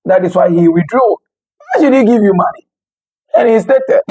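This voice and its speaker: A husky commentator from Africa talks through the news in a lively, swooping voice. Laughs break up the remarks often. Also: mid-range voice, measured pace, pauses often, low-quality recording.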